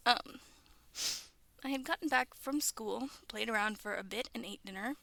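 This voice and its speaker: A woman's voice: on the high side, moderate pace, creaky, sharp tone, no room sound. A young woman casually reading stories aloud to viewers, stumbling over the text and breaking off for chatty, self-mocking asides. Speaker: video creator reading stories.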